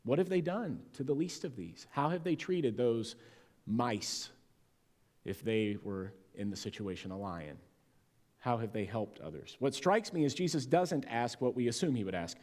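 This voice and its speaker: A male pastor preaches a sermon at a middle pitch, leaning hard on important words and slowing down to stretch them out. His voice carries a long, ringing reverb from the church sanctuary around him. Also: animated, darkish tone.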